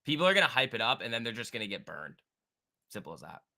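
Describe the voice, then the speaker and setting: A man's voice: mid-range voice, very animated, quick pace, vocal fry, bright, forceful tone. A man hosting a live stock market stream, chatting casually, joking and reacting to viewers and charts. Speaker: stock trading livestream host.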